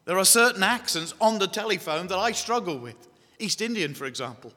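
In a church hall full of long, echoing reverb, an English man delivers an evangelistic sermon in a high, bright, forceful voice that's animated and a little fast. Key phrases come back again and again, and he questions his audience.

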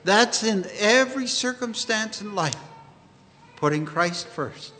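A man preaching a sermon in an earnest, unhurried way, quoting scripture often. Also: sits high, expressive, pushed and bright, in a large hall, a little hiss or hum.

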